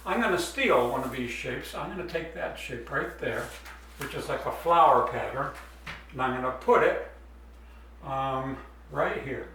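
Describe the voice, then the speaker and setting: A man's voice: medium pitch, a little slow, creaky, bright, forceful tone, heavy reverb, distant mic, slight background noise, low-quality recording. A man explaining step by step as he draws a design in a drawing demonstration. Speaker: art teacher.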